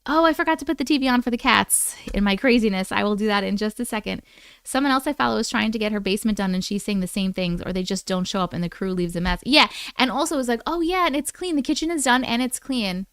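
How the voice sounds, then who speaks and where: A woman with an Oklahoma accent hosts a casual livestream, reading viewer chat and venting in an animated, exasperated way, swearing often and laughing a lot. Her voice is medium in pitch and clean in tone, and she talks fast. The recording is studio quality with no room sound.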